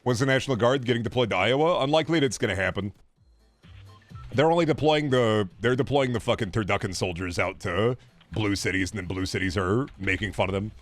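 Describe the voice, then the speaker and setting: A man's voice: fairly low pitch, brisk, faint music behind. A young man streaming a game, riffing in a profane, sarcastic way in casual chatter.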